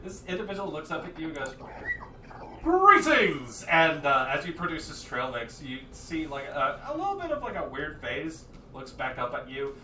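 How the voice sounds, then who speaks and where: A man runs a tabletop game, narrating with lots of fillers and restarts. His voice is bright and forward. He sounds distant from the mic in a roomy space with faint background ambience. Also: on the high side, very animated, brisk, hardly any pauses, slight background noise. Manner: rambling, many fillers and restarts. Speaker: game master.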